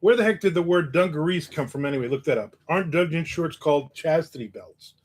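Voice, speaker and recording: A man chats on a casual livestream, picking up viewer comments and firing back quick jokes. His voice sits a bit above the usual male range, relaxed and conversational. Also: on the high side. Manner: joking, quick asides. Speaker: host.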